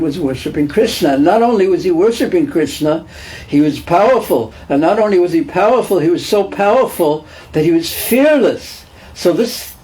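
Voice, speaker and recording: This scripture lecturer has a fairly high, creaky, mellow voice and teaches a devotional class conversationally. He repeats phrases and asks the listeners questions, captured on a rough recording.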